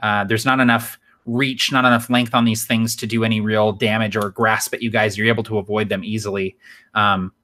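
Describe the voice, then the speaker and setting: A man's voice: lowish voice, level tone, brisk, bright, forceful tone. A man running a tabletop game as game master, narrating scenes with enthusiasm and tossing in self-deprecating jokes.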